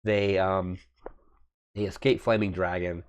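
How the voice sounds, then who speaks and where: A man with a notably deep, low voice recaps a movie in a loose, rambling way. He keeps circling back with filler words and restarts as he retells the plot. He sounds like a casual channel host talking straight to his viewers. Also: level tone, unhurried.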